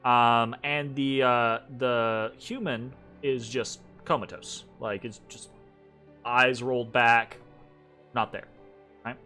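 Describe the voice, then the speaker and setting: Slow, bright-voiced man narrating a game. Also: mid-range voice, fairly even intonation. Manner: slow, reads descriptions with fillers. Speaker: game master. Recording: faint background music.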